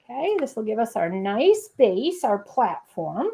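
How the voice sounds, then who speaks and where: A woman's voice: on the high side, sing-song, a little slow, warm tone, slightly rough. A woman hosting a casual crafting livestream, chatting to viewers with playful asides and humming little scat tunes while she works. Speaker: papercrafting livestream host.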